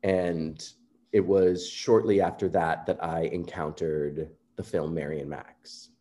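Low, mellow-voiced man telling stories. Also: takes it slowly. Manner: earnest, animated storyteller who acts out quotes. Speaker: composer guest. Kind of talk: conversational interview storytelling.

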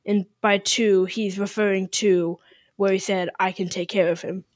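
A woman's voice: mid-range voice, fairly even intonation, moderate pace, dry recording. A woman co-hosting a podcast, chatting casually and reading out listener emails, rambling with many restarts and fillers. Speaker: podcast co-host.

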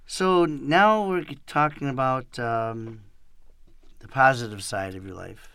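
A man hosting a casual interview, who laughs often and reacts quickly to his guest. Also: medium pitch, creaky, a crowd in the background. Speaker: interview host.

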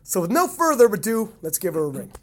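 A man's voice: sits high, big pitch swings, fast. A man from Canada hosting a casual podcast, teasing and laughing often as he talks. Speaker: podcast host.

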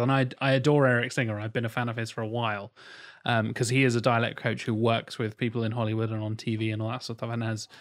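A man co-hosting a podcast, chatting casually in a blunt, rambling way with plenty of swearing. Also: mid-range voice. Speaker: podcast co-host. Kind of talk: casual chat.

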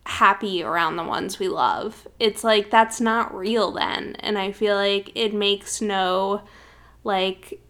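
A woman's voice: mid-range voice, slow, a bit bright. A woman co-hosting a casual spiritual chat, reflective and filler-heavy, laughing readily. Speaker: podcast co-host.

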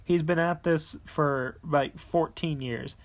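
A young man co-hosting a casual chat, blunt and animated, swearing freely as he tells stories. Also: fairly high pitch, slow pace. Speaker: podcast co-host.

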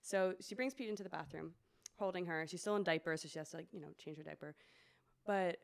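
A woman's voice: quick pace, vocal fry. A woman, a special education teacher co-hosting a podcast, telling classroom stories casually and acting out a child's lines. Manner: relaxed storyteller, acts out a child's lines in a high voice. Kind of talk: casual storytelling chat.

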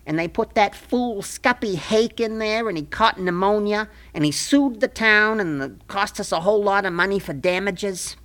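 Eunice, a woman doing a bossy sharp-tongued town clerk. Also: medium pitch, moderate pace, few pauses, close to an everyday voice. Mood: scolding. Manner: folksy, scolding, ungrammatical. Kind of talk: comic radio play.

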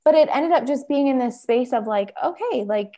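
Young woman co-host, rambling and chatty, fairly high voice, candid storyteller. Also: lively intonation, normal speed, dark tone. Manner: chatty, rambling, lots of fillers. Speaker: podcast co-host. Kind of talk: casual chat, storytelling.

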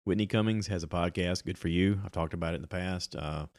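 A man's voice: sits low, fast talker, a little mellow, no echo, studio quality. A middle-aged man chatting casually on his own about movies and podcasts, rambling with many ums and restarts.

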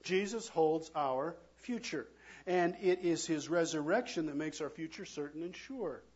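Husky-voiced male pastor preaching. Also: fairly high pitch, animated, unhurried, dull audio. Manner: preaching with dramatic swings from loud emphasis to hushed near-whispers. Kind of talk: sermon.

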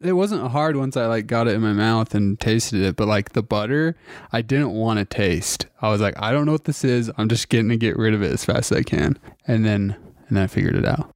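A man's voice: on the low side, expressive, fairly quick, few pauses, no room sound, studio quality. A young man in casual chat, squeamish and reluctant, often laughing as he talks. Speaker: blindfolded taste-test participant.

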